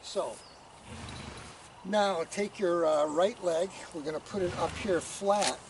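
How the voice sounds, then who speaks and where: A man coaching a student through riding posture stretches with calm, step-by-step directions. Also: high voice, slow. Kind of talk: instructional coaching. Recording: distant mic, noisy outdoor background.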